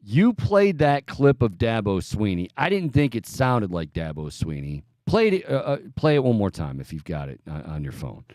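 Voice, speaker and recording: A man's voice: on the low side, sing-song, normal speed, few pauses, a little mellow, no room sound, studio quality. A man hosting a sports talk radio show in a casual, chatty way, often restarting his sentences.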